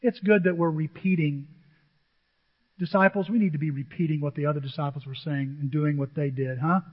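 A pastor preaching a lively sermon to his church, acting out quotes in different voices. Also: a little high, a little fast. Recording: dull lo-fi sound with long hall reverb.

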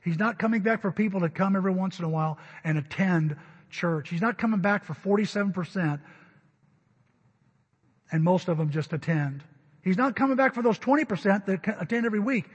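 A male pastor preaching to his church, his fairly high voice turning emphatic and loud on key words. His tone is husky, and it is captured on a dull recording. A long reverb trails after each line in the sanctuary. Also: a little fast. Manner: emphatic, rising to loud stresses. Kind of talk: sermon.

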